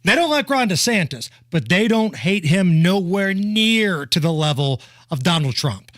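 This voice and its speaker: A man's voice: high voice, very animated, unhurried, fairly bright tone, no room sound. A man hosting a talk radio show, with a blunt, joking, scoffing manner, speaking into a studio microphone. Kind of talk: conservative talk radio chat.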